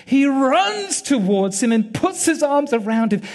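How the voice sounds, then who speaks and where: A man preaching, retelling a story vividly and dramatically with pauses and repetition. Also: very high voice, sing-song, darkish tone. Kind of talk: sermon storytelling.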